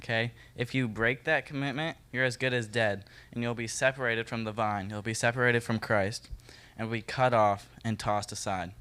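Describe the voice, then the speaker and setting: A man leading a Bible study for a group, reading verses and explaining them in a relaxed, joking way, talking straight to his listeners. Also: mid-range voice, normal speed, hardly any pauses, clean tone. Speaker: youth Bible study leader. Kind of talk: casual Bible teaching talk.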